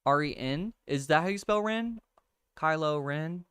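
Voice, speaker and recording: A young man casually hosting a livestream, thinking out loud over crossword clues, reading viewer comments and laughing often. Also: on the high side, lively intonation, a little slow, clear, resonant tone, no room sound, studio quality. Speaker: livestream host. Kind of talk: casual chat, solving a crossword with chat.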